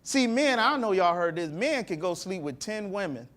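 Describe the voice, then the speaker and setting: A man's voice: high-pitched, very animated, moderate pace, a bit bright. A male talk show host who retells a story in a preachy way and keeps asking his audience questions. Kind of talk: animated talk to a live audience.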